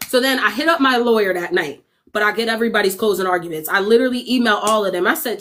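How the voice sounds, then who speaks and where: On her livestream, a young adult woman talks fast in a medium-pitched voice while casually telling her chat a story. She swears freely, laughs a lot, stays animated, and voices the lines of the other people involved.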